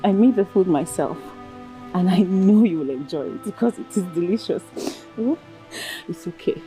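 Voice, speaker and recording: An actress with a Nigerian accent playing a gentle young woman softly comforting a grieving friend. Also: mid-range voice, animated, moderate pace, faint music behind, lightly acted. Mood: tender. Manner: soft, pleading, soothing.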